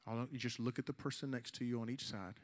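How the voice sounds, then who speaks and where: During an altar call at the end of his earnest sermon, a youth pastor in his forties pleads with the congregation, deliberately slowing for emphasis. His pitch is medium and his intonation fairly even.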